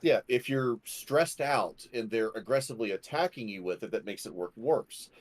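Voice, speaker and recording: A man who is a guest activist on a podcast, explaining ideas in a measured way. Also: medium pitch, lively intonation. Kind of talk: interview talk.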